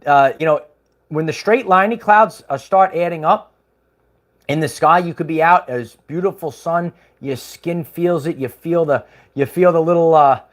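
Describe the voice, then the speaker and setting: Higher-voiced man, casual rambling livestream host, chuckles often. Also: normal speed. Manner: rambling, chuckling, many fillers.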